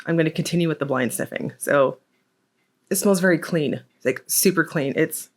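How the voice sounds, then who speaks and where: A woman's voice: low-pitched, normal speed. A woman chatting casually through a product unboxing, rambling with fillers and poking fun at herself. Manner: jokey, laughs at herself. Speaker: nail polish reviewer.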